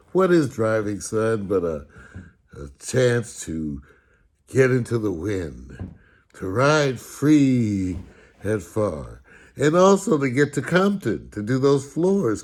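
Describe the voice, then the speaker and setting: Man voicing a stern father, sarcastic, preachy, a bit higher and louder. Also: full character voice. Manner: mock-solemn, sarcastic, preachy. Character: stern sarcastic father lecturing his son.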